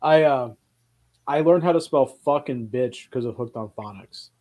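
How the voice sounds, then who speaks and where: A man co-hosting a casual film podcast, telling lively stories and swearing freely. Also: mid-range voice, measured pace. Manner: animated storyteller, swears casually. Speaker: podcast co-host. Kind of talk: casual chat.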